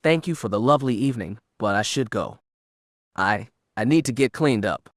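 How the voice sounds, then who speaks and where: A man's voice: medium pitch, lively intonation, moderate pace, dry recording, close to an everyday voice. A steely young Sith inquisitor woman, firm and scornful, in a storybook reading, acted by a male reader. The voice is dry and close with no room around it. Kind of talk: audiobook character reading.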